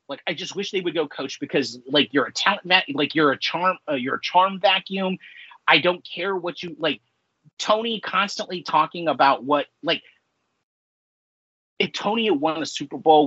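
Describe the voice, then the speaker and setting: A man in his forties chats and rants in a loose, rambling way, with filler words stacking up. His voice is husky and bright, sitting a little high for a man. The podcast mic sounds dull and lo-fi, dry with no room echo. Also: animated, normal speed. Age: 40s. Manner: rambling, many "like" fillers, ranting. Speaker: podcast co-host. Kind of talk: casual chat.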